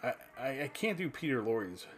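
A New Jersey man in his fifties delivers a casual, nostalgic monologue in a medium-pitched, sing-song voice at a moderate pace, with faint music behind. He rambles, interrupts and restarts himself, and curses now and then.

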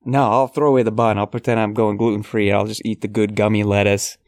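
A man co-hosting a podcast, chatting casually with animated disgust and frequent laughter. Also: lowish voice, fast, dry recording, studio quality. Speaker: podcast co-host.

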